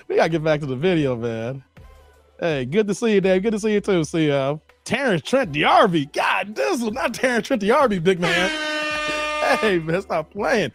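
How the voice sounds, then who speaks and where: A man in his forties talks in a high voice that leaps up and down as he chats with his viewers. He laughs a lot and keeps slipping into snatches of song. Faint music plays behind him. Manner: animated, breaks into snatches of song, laughs often. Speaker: host reading live chat. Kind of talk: casual livestream commentary.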